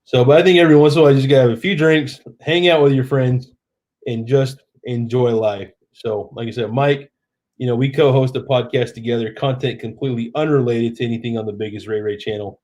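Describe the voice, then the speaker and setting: A man's voice: medium pitch, steady tone, a little fast, darkish tone. A man in his thirties, tipsy, hosting a live stream in chatty, rambling casual talk. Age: 30s.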